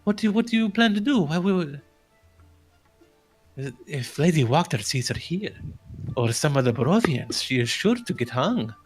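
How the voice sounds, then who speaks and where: A man's voice: on the high side, sing-song, moderate pace, husky, faint music behind, pitched above the performer's own voice. A man voicing a worried village mother who scolds her children in rising, anxious questions.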